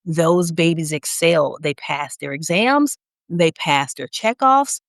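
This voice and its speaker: A woman with a Southern US accent teaching a motivational business lesson, speaking slowly with deliberate pauses and a smiling, energetic delivery. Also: sits low, no echo, studio quality. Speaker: business coach for nurses.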